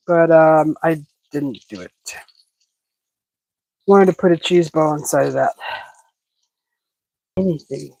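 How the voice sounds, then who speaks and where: A woman hosting a casual cooking livestream, chatting while she cooks, breathing a little heavily and breaking into excited squeals. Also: low-quality recording. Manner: chatty, improvising, bursts into excited high squeals greeting chat.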